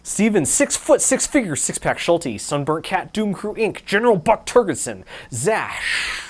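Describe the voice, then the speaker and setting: A man's voice: high-pitched, breathy edge. Irreverent man rattling off names. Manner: irreverent, deadpan jokes, rapid name list. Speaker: YouTube maker host. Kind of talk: sarcastic tech talk and patron shout-outs.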